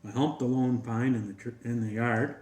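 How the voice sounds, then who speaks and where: A man's voice: medium pitch, fairly even intonation, moderate pace, a little mellow, close to an everyday voice. A man voicing a big, proud male Great Dane in a told joke, in a boastful, hearty way. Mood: shameless. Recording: roomy echo.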